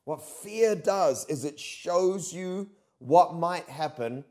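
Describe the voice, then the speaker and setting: Loud animated New man preaching. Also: on the high side, slow. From New Zealand. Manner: loud, animated storytelling with sudden shouts. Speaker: pastor. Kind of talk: sermon.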